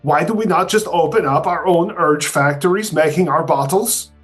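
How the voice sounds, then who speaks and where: A man's voice: a little high, normal speed, a bit bright, soft background music. A man playing in a tabletop game, chatting casually and joking with a ready laugh. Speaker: player. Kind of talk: casual chat.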